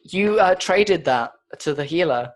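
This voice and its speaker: A man's voice: on the high side, animated, a little slow, slight background noise. A young man narrating as game master, casual and full of fillers.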